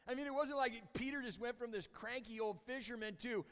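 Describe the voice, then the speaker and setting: A man preaching a conversational sermon as a church pastor, often dropping to a hushed, intense tone. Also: extremely high pitch, a little fast, long reverb tail. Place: church sanctuary.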